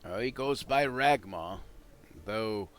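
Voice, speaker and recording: A man running a tabletop game as game master, narrating in a relaxed, halting way with frequent pauses. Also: on the low side. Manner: relaxed, halting, with many ums.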